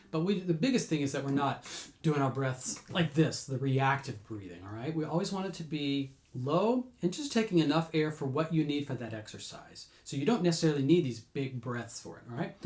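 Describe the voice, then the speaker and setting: A man teaching singing warm-ups, explaining patiently between sung demonstrations. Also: roomy sound. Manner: explains patiently, breaks into high sung demos. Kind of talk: vocal lesson with sung demonstrations.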